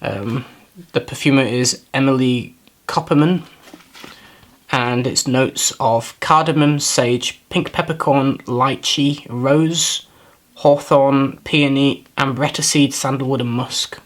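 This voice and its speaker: A man's voice: mid-range voice, fairly even intonation, slow, a bit bright. A man giving a casual, first-impressions review of perfumes, talking in a thoughtful, hesitant way, often repeating words as he searches for them and apologizing for himself. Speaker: fragrance reviewer.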